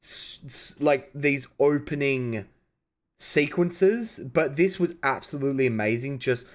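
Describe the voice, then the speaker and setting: A young man reacting to films in casual commentary, excitable, swearing and laughing. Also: medium pitch, a little slow. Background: film music playing.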